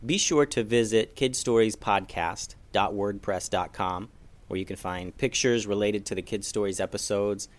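A man's voice: fairly low pitch, normal speed. A man reading a children's bedtime story aloud as the host of a kids' story podcast. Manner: gentle, expressive, storytelling.

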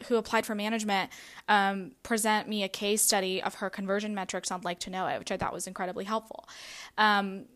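A woman's voice: medium pitch, a bit bright. A woman hosting a podcast, giving advice in a casual, conversational way with lots of fillers. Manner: casual, conversational, frequent "like" and "you know". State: has the hiccups. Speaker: podcast host. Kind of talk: solo podcast advice talk.

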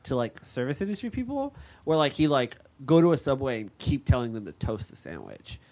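Animated, rambling American man. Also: medium pitch, brisk. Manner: rambling, profane, animated storytelling. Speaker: podcast co-host. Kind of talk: casual podcast banter.

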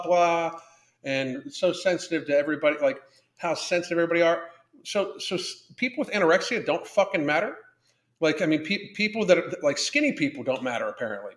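A man's voice: on the high side, a bit bright. A man hosting a live podcast, chatting casually in a profane, blunt, rambling way. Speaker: podcast host. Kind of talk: casual livestream chat. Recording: roomy echo.

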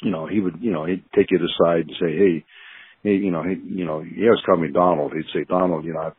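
Talking fast in a low, breathy voice with fairly even intonation, an older former footballer tells interview stories, rambling with plenty of fillers and laughing as he recalls. There's no echo, but the phone line sounds tinny.

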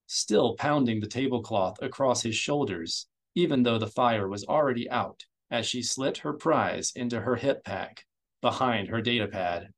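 A man narrating a science-fiction novella as an audiobook reader, in a steady, measured storytelling way. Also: medium pitch. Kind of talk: scripted narration.

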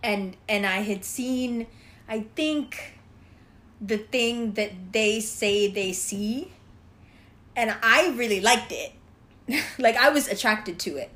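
A young woman tells a wild story to her friends in a bright, fairly high voice. She laughs between sentences, leans on "like" constantly, and acts out what everyone said. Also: takes it slowly. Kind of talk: casual chat.

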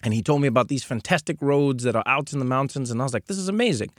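A man's voice: medium pitch, racing, no room sound, studio quality. A man from South Africa hosting a podcast, telling a story in casual chat and acting out the people in it. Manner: animated, acts out voices in anecdotes. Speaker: podcast host.

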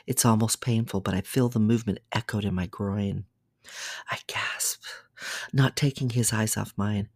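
Hushed, breathy bedtime storyteller, whispered role-play. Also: medium pitch, steady tone, normal speed, no room sound, studio quality. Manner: hushed, often whispering narration with small slips. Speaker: podcast storyteller.

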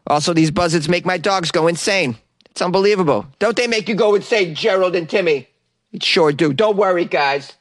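Man doing an exasperated Boston-accented homeowner, pitched up, dry close sound. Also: a bit bright, no echo, natural voice. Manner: exasperated, ranting. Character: gruff fed-up Boston homeowner, middle-aged woman.

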